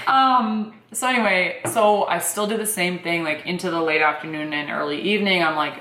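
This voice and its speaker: A young woman casually telling her birth story in a chatty, animated way, full of fillers. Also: fairly low pitch, a little fast, roomy sound.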